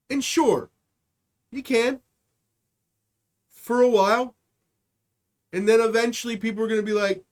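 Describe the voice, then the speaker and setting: A man's voice: extremely high pitch, steady tone, a little slow, long pauses. A man hosting a comedy podcast, ranting in a profane, rambling monologue and slipping into mocking voices. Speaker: podcast host. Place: home streaming setup.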